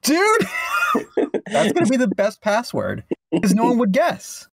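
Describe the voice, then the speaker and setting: A man's voice: very high-pitched, unhurried, creaky, husky, dry recording, studio quality. A young man co-hosting a podcast in casual chat, joking and laughing often. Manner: animated, jokey, laughs often. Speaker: podcast co-host.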